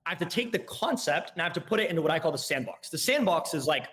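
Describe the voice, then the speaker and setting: Fast-talking young man explaining sales. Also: a little high. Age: young adult. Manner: rapid, animated explaining, acting out both sides of calls. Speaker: podcast guest, sales trainer. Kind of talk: casual podcast chat.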